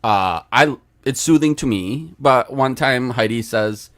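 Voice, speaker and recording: A man co-hosting a podcast who laughs often and talks in an animated, giggly way. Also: medium pitch, unhurried, no echo. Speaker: podcast co-host. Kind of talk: casual crude banter.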